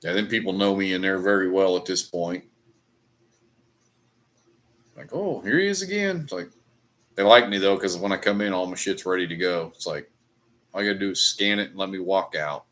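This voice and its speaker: A middle-aged man hosts a livestream, chatting casually while drinking whiskey and rambling into profane rants. His voice sits low and a bit bright, with little pitch movement, and he talks a little fast.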